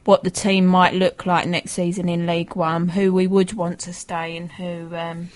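A woman's voice: lowish voice, level tone, normal speed. Chatty female radio co-host. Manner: chatty, laughing, hesitant. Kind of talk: casual radio chat, reading emails.

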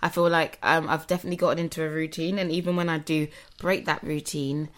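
A woman's voice: deep voice, little pitch movement, fast. A young woman co-hosting a podcast, chatting casually and searching for words. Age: young adult. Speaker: podcast co-host. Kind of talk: casual chat.

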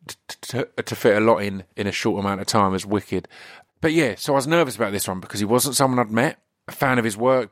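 A man hosting a podcast, talking casually in a rambling solo intro with lots of fillers and restarts, his voice slightly croaky. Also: mid-range voice, no echo, clean studio sound. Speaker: podcast host.

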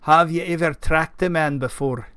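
A man reading the part of a burly, gruff Scottish knight with a Scottish accent, speaking in short, terse lines. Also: fairly high pitch, normal speed, fairly bright tone, dry recording, natural voice. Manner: terse, says "aye" often.

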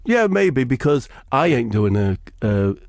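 A man's voice: mid-range voice, sing-song, unhurried, no room sound. A man hosting a comedy podcast, telling a story in chatty asides. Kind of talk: comic storytelling.

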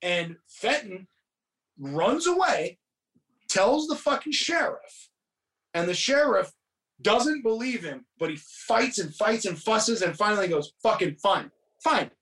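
Swearing high-voiced male storyteller. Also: slow, rough recording. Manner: heavy swearing, animated storytelling. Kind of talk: casual chat, retelling a film plot.

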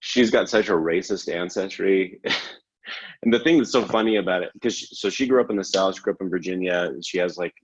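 A man's voice: low-pitched, a little fast, slightly rough, highs cut off. A man hosting a casual chat, rambling and self-correcting and laughing often. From Canada. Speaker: podcast host.

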